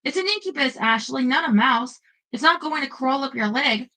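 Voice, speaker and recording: A woman puts on an unimpressed male demon sidekick who drawls every line with dry sarcasm. The voice sits bright and fairly high, bored more than menacing. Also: expressive, moderate pace, full character voice, low-quality recording. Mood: sarcastic. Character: wry male demon companion, sarcastic and unbothered.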